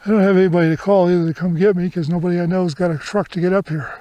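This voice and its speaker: A man's voice: high voice, steady tone, rapid-fire, warm tone, no room sound. A man filming his hike outdoors, out of breath and rambling casually about the trail, with the mic close to his mouth. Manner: rambling, self-deprecating chatter. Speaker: hiker filming his walk. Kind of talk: casual vlog narration. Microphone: camera mic close to mouth.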